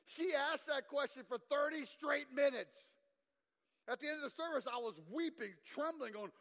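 High-voiced preacher in a reverberant hall. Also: male voice, normal speed. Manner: animated storytelling preacher, asks the crowd to respond. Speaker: guest preacher. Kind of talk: sermon.

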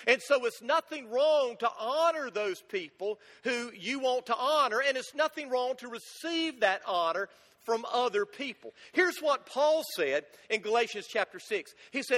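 A man's voice: very high voice, expressive, moderate pace, a bit bright. Man, pastor, folksy sermon, long hall reverb. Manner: folksy storyteller, emphatic repeats.

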